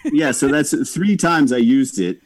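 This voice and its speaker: A man co-hosts a casual podcast, telling wry stories in a voice that swings widely in pitch. He sounds animated and easygoing. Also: a little slow. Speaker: podcast co-host. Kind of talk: casual banter.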